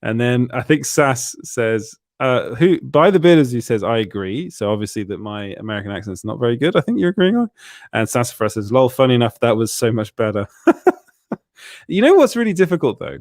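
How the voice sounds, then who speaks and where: A man's voice: mid-range voice, big pitch swings, fairly quick, a little mellow, dry recording, clean studio sound. A young man with an English accent telling stories in a casual, laughing, self-deprecating way as a co-host. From England. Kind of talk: casual livestream chat.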